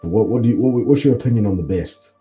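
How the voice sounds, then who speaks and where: Mellow low-voiced joking man. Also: fast talker, soft background music. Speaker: stream co-host. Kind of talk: casual late-night stream chat.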